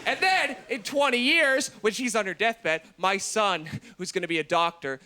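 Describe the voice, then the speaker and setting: A man in his thirties performing a stand-up comedy set with dark, deadpan jokes, muttering his asides and shouting his punchlines. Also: moderate pace, background noise. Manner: drops to a low mutter for asides. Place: comedy stage before a live audience.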